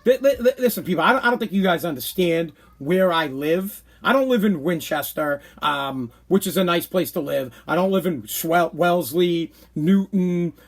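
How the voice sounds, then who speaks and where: Podcast host, man in his thirties, high voice, worked-up casual rant. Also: moderate pace, few pauses. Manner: animated, exasperated ranting. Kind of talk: casual ranting monologue.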